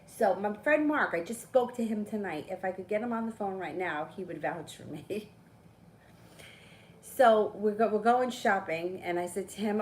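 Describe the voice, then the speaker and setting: Animated woman telling a story, faint background hiss. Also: medium pitch, normal speed, low-quality recording. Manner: animated storytelling, swears casually. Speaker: tarot reader. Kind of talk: casual live-stream chat.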